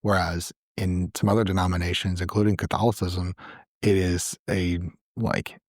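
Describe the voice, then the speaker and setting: A man's voice: deep voice, little pitch movement, normal speed, no room sound, studio quality. A man hosting a casual church interview, affirming his guest and explaining doctrine with lots of restarts and repeated words. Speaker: church podcast host, interviewer.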